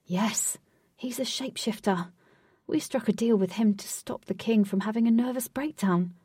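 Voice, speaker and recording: Earnest, lecturing male guide in a storybook reading, mellow and husky, read by a woman. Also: on the high side, normal speed, dry recording, studio quality, far from the mic. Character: serious male guide spirit Wraith.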